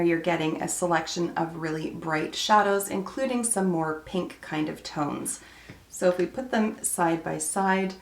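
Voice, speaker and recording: Low, gravelly-voiced woman explaining makeup. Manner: relaxed, chatty, explains step by step. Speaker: beauty vlogger. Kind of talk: casual voice-over for a makeup tutorial.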